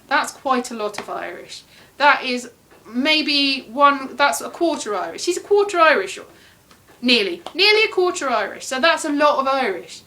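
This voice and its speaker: A woman's voice: on the high side, bright, forceful tone. A woman from Britain chatting casually to camera as a vlogger, rambling and playful. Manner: chatty, rambling, playful sing-song teasing.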